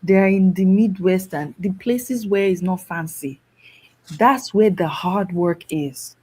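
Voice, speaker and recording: A woman from Nigeria talks as a guest, lively and quick to laugh. Her voice is husky, with a breathy edge that never quite goes away. She sits at a middle pitch for a woman. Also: rough recording. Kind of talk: animated storytelling talk.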